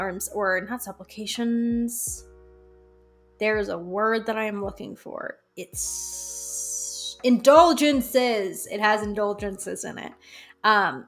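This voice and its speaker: A woman talking as a podcast guest, telling candid stories in an animated way, laughing and acting out the voices she quotes. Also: mid-range voice. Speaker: guest, folk magic practitioner.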